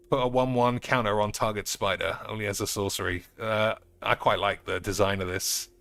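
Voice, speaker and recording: Crude sarcastic male card-game streamer. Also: on the low side. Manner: crude, sarcastic, swears often; bursts into loud outbursts. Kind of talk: casual card game commentary.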